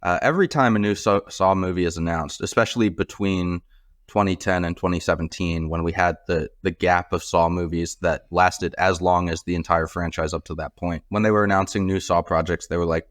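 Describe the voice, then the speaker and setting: Male podcast host, very low voice, relaxed and wry. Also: a little fast, no echo, clean studio sound. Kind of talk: casual chat.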